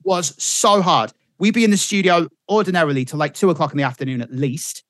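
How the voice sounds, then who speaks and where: A man's voice: a little high, brisk, dry recording, clean studio sound. A middle-aged man, a radio presenter telling stories in casual chat, swearing freely. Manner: animated storyteller, swears freely.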